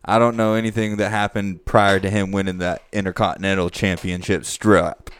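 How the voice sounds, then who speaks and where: A man's voice: low voice, little pitch movement, moderate pace, fairly bright tone, clean tone. A man in casual podcast banter, teasing and jokey.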